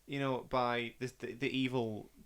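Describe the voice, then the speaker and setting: Guy rambling excitedly about a movie, bright sharp voice, casual chat. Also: medium pitch, unhurried. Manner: enthusiastic, rambling, gushing. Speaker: film review podcast guest watching for the first time.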